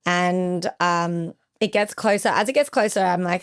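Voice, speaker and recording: A woman's voice: lowish voice, steady tone, measured pace, clean tone. A young woman recounting a personal ordeal as a podcast guest, with vivid retelling and acted-out quotes. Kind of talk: emotional personal storytelling.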